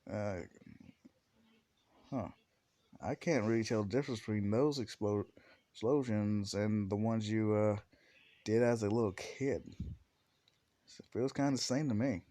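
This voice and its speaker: A man's voice: lowish voice, unhurried, long pauses, warm tone, dry recording, lightly acted. A man voicing a cocky teenage boy hero who mockingly taunts his rival in a casual fan story. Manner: mocking, teasing.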